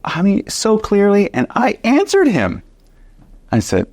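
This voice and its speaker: A man teaching a Bible study, telling a personal story in an animated, conversational way with many fillers and restarts. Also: high-pitched, a little slow, no room sound.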